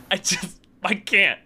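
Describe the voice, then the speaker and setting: A young man hosts a casual podcast with a bright, slightly high voice. He rambles through crude stories, padding them with fillers and bursts of laughter. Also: breathy edge. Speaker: podcast host.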